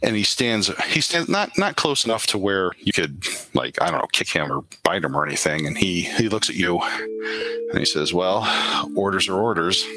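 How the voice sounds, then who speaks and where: A deep-voiced man running a tabletop role-playing game, narrating in a loose, rambling way with fillers. Music plays clearly underneath. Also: big pitch swings, normal speed, pushed and bright, low-quality recording. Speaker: game master. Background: background music.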